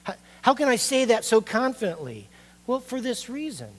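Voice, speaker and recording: Animated middle-aged male pastor preaching. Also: extremely high pitch, normal speed. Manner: conversational, animated preaching with rhetorical questions to the congregation. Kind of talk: sermon.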